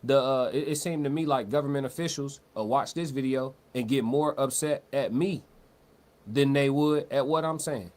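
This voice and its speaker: A male livestream host with a medium-pitched, darkish voice talks at a moderate pace while reading chat. His commentary is loose and slangy, with repeated words and restarted sentences.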